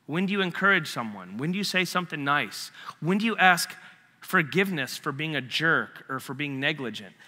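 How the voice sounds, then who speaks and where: Bright-voiced man preaching in a hall. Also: a little high, animated, moderate pace. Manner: storytelling, acts out both sides of a dialogue. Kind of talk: sermon.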